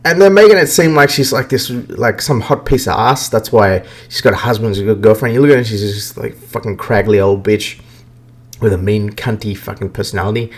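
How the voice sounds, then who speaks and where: A man's voice: lowish voice, a little fast. Profane ranting man talking games. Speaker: podcast host. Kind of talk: casual gaming rant.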